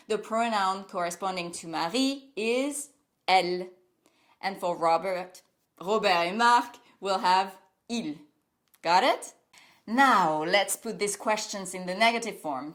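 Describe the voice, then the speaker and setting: A woman with a French accent, a native French speaker, teaching a beginner lesson with a clear, upbeat manner and playful asides. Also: mid-range voice, a bit bright. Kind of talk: language lesson.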